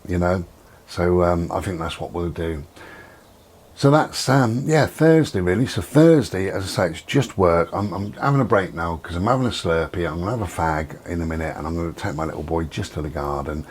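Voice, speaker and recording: A middle-aged vlogger with a deep voice and a breathy edge rambles on about his day at home. He keeps it relaxed and chatty, with many ums, while the door and window stand open.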